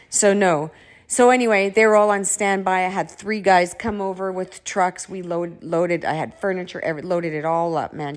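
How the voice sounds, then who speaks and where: Blunt, swearing woman telling a story. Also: mid-range voice. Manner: blunt and profane, frequent swearing; exasperated, animated delivery with restarts. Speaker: vlogger telling a personal story. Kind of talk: casual storytelling monologue.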